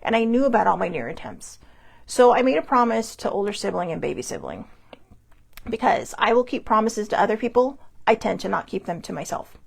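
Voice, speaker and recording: A woman's voice: medium pitch, big pitch swings, a little fast, creaky, slightly rough. A woman hosting a personal mental health talk, speaking in a candid, confessional way. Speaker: host.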